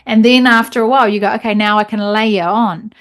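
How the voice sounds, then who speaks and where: A woman teaching meditation trainees over a video call, demonstrating guiding cues in a slow, calm voice. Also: mid-range voice.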